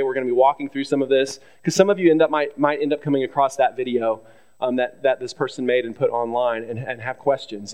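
A man's voice: a little high, a little mellow, muffled recording. A man speaking as pastor from the front of a church, earnest and conversational, with many fillers, restarts and "right?" checks. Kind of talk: church announcement from the pulpit. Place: church sanctuary.

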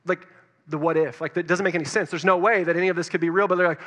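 A man preaching fast in a high, bright voice. He tells his story straight to the listeners, dropping low and quiet, then building back up. A long reverb hangs on his voice in a large hall. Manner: storytelling, addresses listeners directly, swings between loud and hushed. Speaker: pastor. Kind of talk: sermon.

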